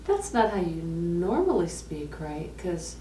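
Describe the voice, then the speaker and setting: A woman, a vocal coach, explaining how to speak healthily in a lively, direct teaching manner. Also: fairly low pitch, slow pace. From United States. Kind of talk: instructional explanation with voice demonstrations. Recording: roomy, distant mic, faint noise.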